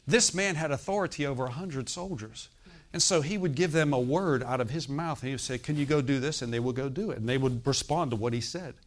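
An older male pastor preaching from the pulpit, swinging between loud, acted-out story dialogue and hushed, personal asides. His voice sits at an ordinary middle pitch for a man. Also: fairly quick. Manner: animated storytelling, acting out quoted dialogue with rising pitch and volume; drops into quiet, confiding asides. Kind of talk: sermon. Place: church.

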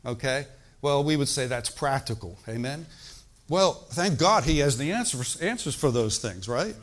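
A man's voice: medium pitch, lively intonation, moderate pace. An older man, a pastor, teaching a sermon in an easygoing, talky way and often checking in with the congregation. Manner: conversational preaching with frequent call-and-response asides.

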